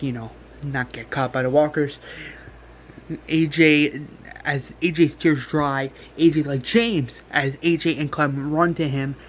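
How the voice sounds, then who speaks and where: A man's voice: mid-range voice, fairly bright tone, a little hiss or hum. A man casually recapping a story scene by scene, rambling with many fillers and restarts. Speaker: fan retelling a story.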